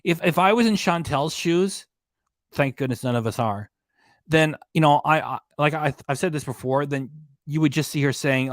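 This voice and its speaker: A man's voice: a little high, moderate pace, dry recording, clean studio sound. A man hosting a reaction channel, talking over a livestream with mocking, profane, scornful commentary.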